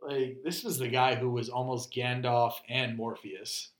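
A man co-hosting a casual podcast chat, telling animated stories and slipping into mock impressions. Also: mid-range voice, unhurried, reverberant. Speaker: podcast co-host.

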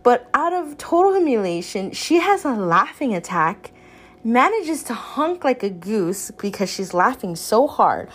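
A young woman casually recapping a romance novel for viewers, candid and animated, swearing freely, her pitch leaping up when she reacts. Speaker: book reviewer. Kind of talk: casual book recap chat.

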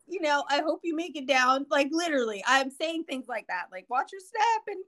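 A woman's voice: high voice, brisk. A woman co-hosting a podcast, telling stories in casual chat and laughing easily. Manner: animated storyteller, laughs until tearful. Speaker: podcast co-host.

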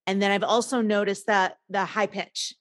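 A woman in her forties or older, a coach on a podcast, speaking slowly and emphatically, often repeating phrases. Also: mid-range voice, fairly even intonation, dry recording, clean studio sound. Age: 40s or older. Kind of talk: casual podcast conversation.

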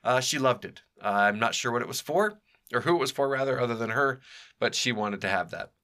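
A man's voice: medium pitch, a little fast, sharp tone. A man in his forties telling personal stories in a rambling way, with many fillers and restarts. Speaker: podcast host. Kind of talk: personal storytelling.

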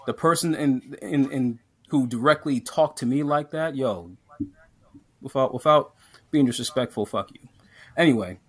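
A man holds the mic on a laid-back podcast and rants, tripping over his own restarts as he builds up steam. His voice sits at an ordinary middle pitch. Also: slightly rough. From Jamaican heritage. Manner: animated ranting, many restarts and fillers. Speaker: podcast co-host. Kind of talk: casual podcast rant.

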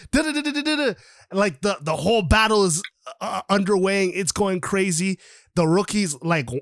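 A man hosting a podcast over an online call, casually retelling a comic book plot in an animated way, swearing freely and acting out the characters' lines. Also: sits high, no room sound, clean studio sound. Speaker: podcast host.

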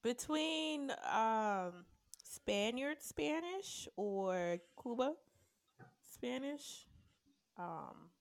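A woman co-hosting a casual podcast chat, playful and quick to laugh. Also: mid-range voice, darkish tone. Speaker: podcast co-host.

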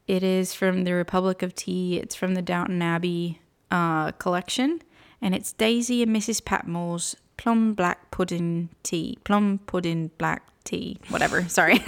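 Low-ish voiced woman, giggly, casual podcast chat. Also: a little slow, gravelly. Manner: laughs often, giggly and self-deprecating. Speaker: podcast co-host.

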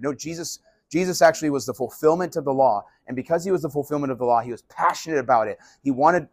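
A man preaching in a lively, conversational way, his voice sitting fairly high for a man. His delivery swings between chatty asides and emphatic points. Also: no echo, studio quality. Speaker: pastor. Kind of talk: sermon.

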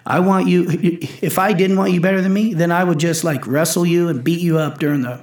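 A man's voice: a little high, steady tone, a little fast, a little mellow, roomy sound. A man in his forties, a powerlifter and coach, talking intensely in casual chat, swearing and acting out his own quotes. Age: 40s.

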